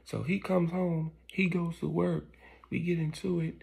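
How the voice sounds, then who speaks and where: Blunt older woman who overshares, played by a man, gravelly, raspy, half-whispered. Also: fairly high pitch, steady tone, measured pace, a little mellow, pitched above the performer's own voice, exaggerated voice. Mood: excited. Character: blunt older woman gossiping crudely about her husband.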